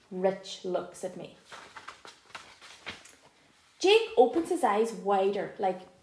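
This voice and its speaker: A woman reading a first-person audiobook aloud in an expressive, lively storytelling manner. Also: medium pitch, a little slow. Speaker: audiobook narrator. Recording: echoey room.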